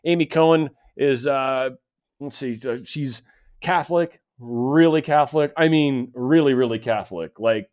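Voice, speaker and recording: A man's voice: mid-range voice, darkish tone. A man hosting a casual political commentary show, rambling and sarcastic, with mocking asides.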